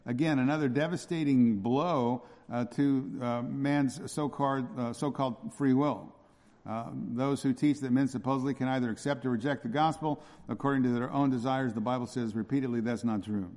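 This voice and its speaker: In a church hall with long reverb, a man serving as pastor preaches expository material. His mid-range voice is a little mellow, with fairly even intonation and a moderate pace. He leans on emphasis and repetition, checking with the congregation through rhetorical questions.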